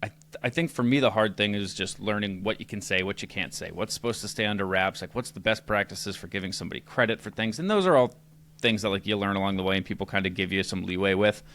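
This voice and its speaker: A man's voice: fairly low pitch, fast talker, a bit bright. A man guesting on a podcast, telling his story in a loose, chatty way with lots of fillers. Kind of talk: casual interview chat.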